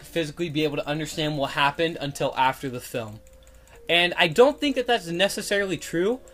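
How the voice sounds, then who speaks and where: Rambling, excitable young man chatting. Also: on the high side. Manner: rambling, excitable, full of fillers and restarts. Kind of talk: casual chat.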